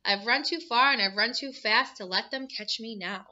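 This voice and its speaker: A woman's voice: fairly high pitch, normal speed, sharp tone, muffled recording. A woman voicing a cheeky, boastful gingerbread cookie boy who chants taunting rhymes. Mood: worried. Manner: taunting sing-song chant.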